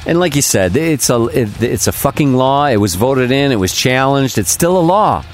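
Brief: fired-up co-host, animated pitch, blunt and cursing. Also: male voice, normal speed, faint music behind. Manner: ranting, profane, lively. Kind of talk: casual chat.

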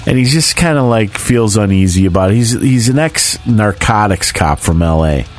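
A man co-hosting a podcast, recapping a movie in a relaxed, rambling way and laughing easily. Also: fairly low pitch, moderate pace, faint music behind. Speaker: podcast co-host. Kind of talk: casual chat and movie recap.

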